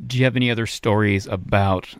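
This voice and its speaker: A man's voice: fairly low pitch, steady tone, quick pace, clear, resonant tone, dry recording, clean studio sound. A man hosting an interview, asking questions eagerly and reacting with wonder. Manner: enthusiastic, frequent reactions.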